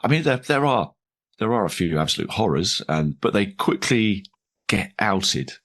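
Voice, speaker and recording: A man's voice: fairly low pitch, sing-song, moderate pace, fairly bright tone. A man in his forties, a comedian talking casually in an interview, rambling and self-deprecating with frequent restarts and laughs. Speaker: comedian guest.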